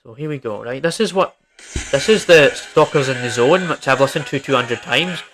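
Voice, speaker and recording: A young man running a solo podcast in a loose, rambling way. He talks emphatically and informally, piling on fillers and checking in with "right?" as he goes. His voice sits at an ordinary middle pitch for a man. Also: lively intonation, normal speed, noisy background. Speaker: podcast host.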